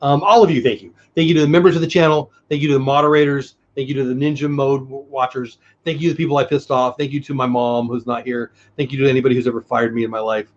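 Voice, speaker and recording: Fast-talking man hosting a live stream. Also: mid-range voice, steady tone. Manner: chatty, thanks viewers one by one. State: losing his voice. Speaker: livestream co-host. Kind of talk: casual live-stream chat. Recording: dull lo-fi stream audio.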